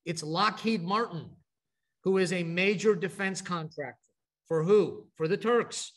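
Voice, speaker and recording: At an advocacy training event, a middle-aged Texas man delivers an informal, story-filled talk to a group, frequently digressing and restarting. His voice is high and fairly bright, and he keeps a measured pace.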